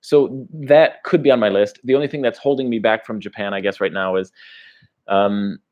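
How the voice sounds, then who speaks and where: A man's voice: lowish voice, fairly even intonation, normal speed, darkish tone, lo-fi sound. An American man, a travel vlogger, chatting casually on a livestream as he reads viewer comments, rambling and laughing between thoughts. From United States.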